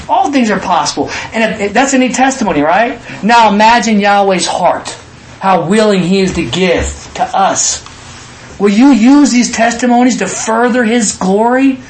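A middle-aged man preaches in a loose, conversational way, weaving personal stories into his sermon. His voice sits fairly high for a man. He talks with animation and slips into little acted quotes. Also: moderate pace, slight background noise, rough recording. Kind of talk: storytelling sermon.

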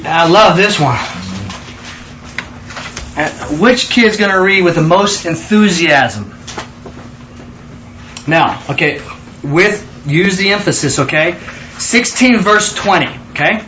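A man leading a Bible study, excitable and emphatic, prompting his listeners to answer and repeat after him. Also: high voice, slow pace, pauses often, reverberant, highs cut off, slight background noise. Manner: excitable, emphatic, calls for responses.

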